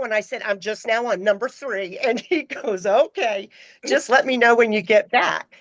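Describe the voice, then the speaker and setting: A middle-aged woman, a podcast guest, telling stories in a casual, animated way and acting out the people she quotes. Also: normal speed, dull audio. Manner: animated, acts out quoted voices with pitch jumps. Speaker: podcast guest, former personal assistant. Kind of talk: casual storytelling.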